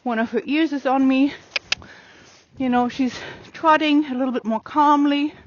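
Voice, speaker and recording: Calm coaxing woman, higher voice. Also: moderate pace, highs cut off, a little hiss or hum. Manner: calm, coaxing, many fillers. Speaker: horse trainer. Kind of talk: explaining training while working a horse. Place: outdoor open riding arena.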